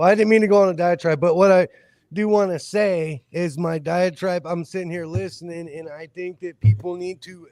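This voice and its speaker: A man's voice: high-pitched, no echo. A man talking in a casual group chat, rambling, profane and passionate. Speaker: guest.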